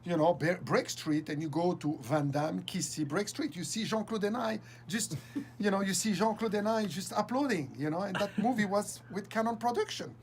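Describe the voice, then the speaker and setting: A man as an interview guest, telling a story with lots of laughter and halting restarts. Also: high voice, slight background noise. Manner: laughs often, halting restarts, acts out quoted dialogue. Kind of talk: animated storytelling anecdote.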